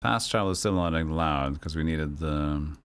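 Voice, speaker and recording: A man streaming a video game, muttering his thoughts aloud in a relaxed way. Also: rumbling low, normal speed, smooth.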